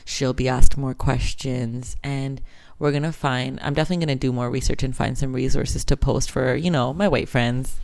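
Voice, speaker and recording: A woman's voice: very deep voice, steady tone, normal speed, vocal fry, a little mellow. A Canadian woman in her thirties hosting a podcast, talking frankly and casually, with swearing. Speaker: podcast host.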